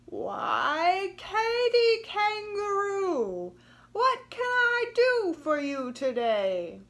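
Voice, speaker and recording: Woman voicing a friendly mother crocodile, loud and exclaiming, very high, wide swoops. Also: huge pitch swings, drawn-out words, heavily acted. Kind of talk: storybook read-aloud.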